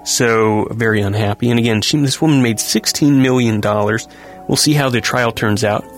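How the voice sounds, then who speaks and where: A man's voice: medium pitch, normal speed, faint music behind. A man hosting a talk show, commenting casually on news items with a rambling, self-correcting manner and frequent chuckles. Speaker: host.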